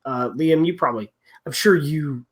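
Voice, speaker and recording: A man's voice: fairly high pitch, moderate pace. A man hosting a casual sports podcast chat, rambling and often trailing off mid-thought. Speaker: podcast host.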